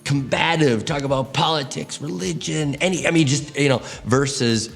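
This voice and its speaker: A man's voice: a little high, normal speed, vocal fry, faint music behind. A man, a pastor, giving a teaching talk to church leaders, telling stories expressively and acting out quotes. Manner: expressive, animated storytelling with acted quotes.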